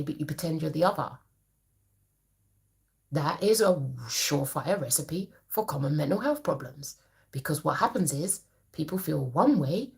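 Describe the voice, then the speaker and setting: A woman therapist talks to camera in an emphatic, preachy, colloquial way. Her voice sits low with a gravelly edge. She gives a motivational talk.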